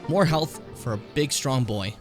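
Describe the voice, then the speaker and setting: A man's voice: mid-range voice, expressive, unhurried, music in the background. A tired man in his late twenties, streaming a game casually, swearing freely and stumbling as he reads on-screen text aloud. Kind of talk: casual gameplay commentary.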